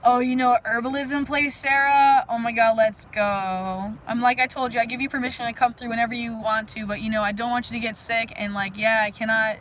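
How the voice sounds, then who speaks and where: A woman hosting a casual live stream outdoors, talking energetically and rambling to her viewers with lots of fillers and sudden loud bursts. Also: on the high side, steady tone, brisk, few pauses, a little hiss or hum, rough recording. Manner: frequent "like" fillers. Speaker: livestream host. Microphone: phone live stream.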